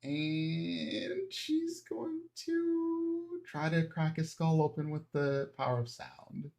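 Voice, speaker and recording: A man running a tabletop role-playing game as game master, calmly describing actions and rolls. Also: fairly high pitch, slow pace, gravelly.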